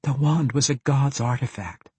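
A troubled young woman mage speaks in a soft, raised, worried voice, as a man reads her part. The voice has a husky edge. The recording sounds close and dry for a storybook. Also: medium pitch, normal speed, no room sound, voice pushed up. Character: young woman mage, shaken and self-doubting.

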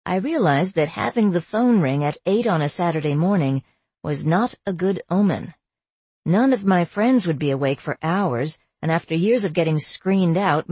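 A woman narrating a first-person novel as an audiobook, in a measured, wry storytelling manner. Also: low-pitched, darkish tone, slightly rough, no room sound.

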